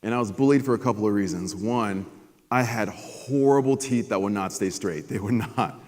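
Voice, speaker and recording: A man in his forties giving a motivational conference keynote, telling a personal story with emphatic pauses. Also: on the low side, darkish tone. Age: 40s. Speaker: keynote speaker. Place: conference stage at a resort. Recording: long reverb of a conference hall.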